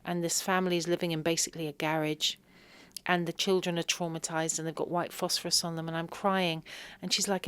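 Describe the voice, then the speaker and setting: A woman speaking as a podcast guest, her voice sitting a little low. She tells a personal story earnestly and with deep feeling, sprinkling in devout phrases. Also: fairly even intonation, brisk, smooth.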